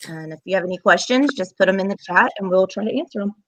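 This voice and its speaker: A woman hosting a casual chat, talkative and quick to laugh. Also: medium pitch. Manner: chatty, laughs often, multitasking. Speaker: host.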